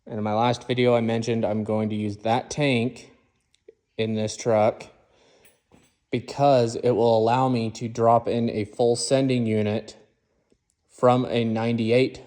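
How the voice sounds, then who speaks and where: This mechanic's mid-range voice is a little mellow and a bit slow, with little pitch movement. He's in his garage filming a casual vlog of his truck build, laying out each step in plain shop talk and calling the engine "she."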